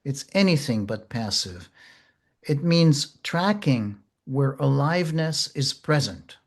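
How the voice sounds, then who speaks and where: A man teaching therapists in a slow, gentle, measured way, pausing often. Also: mid-range voice, animated. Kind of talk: reflective teaching talk.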